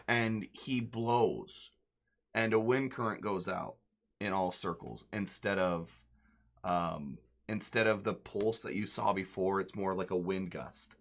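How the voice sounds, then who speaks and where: A man with a fairly low voice narrates a tabletop game as its game master. His telling rambles, full of fillers and self-corrections. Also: slow, a bit bright. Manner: rambling, many fillers and restarts.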